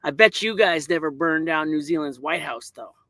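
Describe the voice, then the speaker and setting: A man's voice: fairly high pitch, normal speed, a bit bright, no room sound. A man, hosting a casual podcast chat and asking easygoing, teasing questions. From Canada. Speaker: podcast host.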